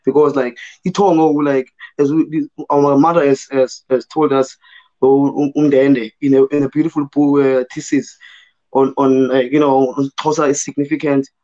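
A man from South Africa with a hoarse voice, talking loosely about his writing as a guest in an online panel, full of fillers like "you know" and "man". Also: medium pitch, level tone, moderate pace, mellow, muffled recording. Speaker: guest poet. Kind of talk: casual conversation in a virtual panel.

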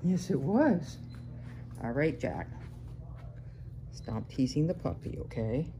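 Low-voiced woman chatting to her pets. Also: very animated, slow pace, pauses often, background noise. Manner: coaxing and gently scolding the animals. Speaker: pet owner. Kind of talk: casual talk to her pets. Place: home indoors.

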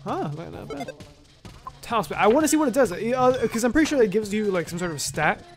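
A man's voice: high voice, animated, fairly quick. A man giving loose, chatty let's-play commentary while playing a game, talking to himself and swearing mildly. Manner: loose, chatty, with mild swearing and self-talk. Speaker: gaming video host. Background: faint game music.

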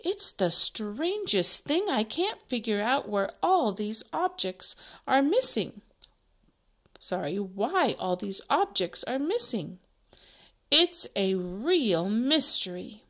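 A woman's voice: fairly high pitch, sing-song, takes it slowly, fairly bright tone, heavily acted. A woman teacher reading aloud the part of a puzzled police chief in a children's play.

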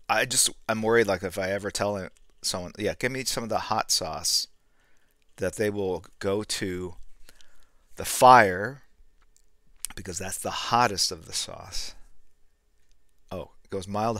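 Older man, very low voice, casual streamer talk, rambling, dry close mic. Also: slow, pauses often, no room sound. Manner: rambling, gets loud and worked up then trails off quietly. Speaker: artist streaming while drawing. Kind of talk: casual live-stream chat reading comments.

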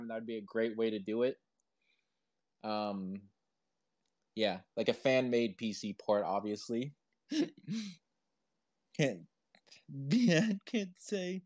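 A man's voice: mid-range voice, a little mellow. A man chatting casually on a live audio stream, rambling with lots of "like" and "uh" and laughing often, through a headphone built-in mic. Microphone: headphone built-in microphone.

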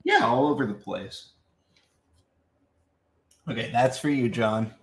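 A man's voice: mid-range voice, slow, a bit bright. A young adult man, a voice actor, chatting casually in a live Q&A while signing autographs. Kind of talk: casual live-stream Q&A chat. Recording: roomy echo.

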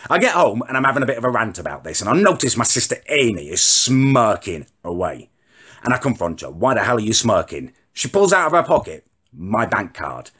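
A man's voice: mid-range voice, huge pitch swings, a little fast, bright, forceful tone, far from the mic. A man ranting indignantly to camera in a comic monologue, swearing as he tells his story. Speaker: character comedian ranting to camera. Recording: echoey room.

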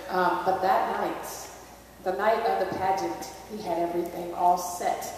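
A woman's voice: medium pitch, steady tone, normal speed, darkish tone, a little hiss or hum. A woman pastor giving a Christmas Eve sermon, telling a story in a conversational way. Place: large church sanctuary. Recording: echoey church hall, distant mic.

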